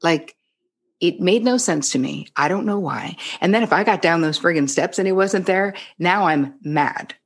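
A woman's voice: on the low side, moderate pace, slightly rough. A middle-aged woman from New Jersey with a New Jersey accent, a psychotherapist talking casually on a podcast, candid, swearing freely and acting out the dialogue in her stories. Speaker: psychotherapist guest.

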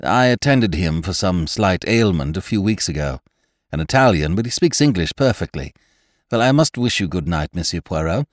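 A man voicing a brisk middle-aged male doctor who speaks with urgency. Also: sits low, lively intonation, no room sound, studio quality. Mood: urgent.

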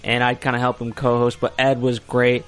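A man's voice: medium pitch, monotone, normal speed, fairly bright tone, smooth. Casual, hesitant male producer in a studio booth, mid-range voice. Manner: hesitant, lots of fillers and restarts. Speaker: producer and co-host. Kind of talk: casual chat.

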